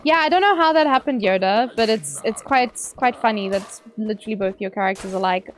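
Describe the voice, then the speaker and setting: A young woman talks through her game live, swearing, squealing and gasping as she reads chat. Her voice sits high, and faint music plays underneath. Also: a little fast, few pauses. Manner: excitable, swearing, squeals and gasps, chatting with viewers. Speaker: streamer. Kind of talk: casual live gaming commentary.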